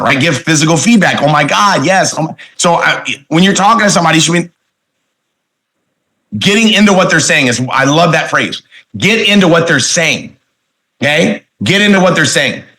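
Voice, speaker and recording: A middle-aged man giving a motivational sales training talk, energetic and punchy, repeating his key phrases. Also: on the high side, normal speed.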